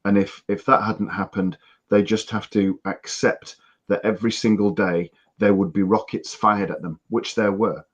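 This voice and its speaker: Man from the UK, very deep voice, earnest disapproving chat, dull lo-fi sound. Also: fairly even intonation, moderate pace, slightly rough. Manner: earnest, disapproving, many restarts. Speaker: podcast co-host. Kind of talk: casual chat. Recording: dull lo-fi audio.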